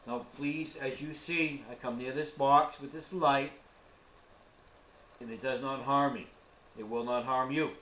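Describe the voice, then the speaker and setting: A man's voice: mid-range voice, steady tone, unhurried, long pauses, sharp tone. A man giving a casual, earnest how-to talk on ghost hunting equipment, often calling his viewers folks. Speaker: ghost hunting tour guide. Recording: roomy live stream recording.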